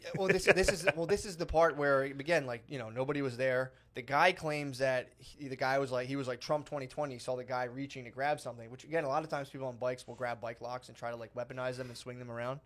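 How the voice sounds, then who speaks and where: A man co-hosting a casual podcast, telling a story quickly and acting out the quotes. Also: mid-range voice. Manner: fast, animated storytelling with mimicked quotes. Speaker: podcast co-host.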